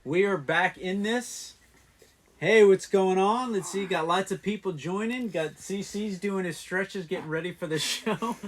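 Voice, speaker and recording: Male co-host, slightly high voice, joking, casual live-chat delivery, faint hiss behind. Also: normal speed, hardly any pauses. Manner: joking, laughs often, restarts.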